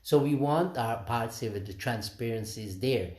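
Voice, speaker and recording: A man's voice: mid-range voice, moderate pace, darkish tone, reverberant. A man, a swami, giving an informal morning talk with stories, quoting others and restarting phrases as he goes. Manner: storytelling, quotes others, frequent restarts.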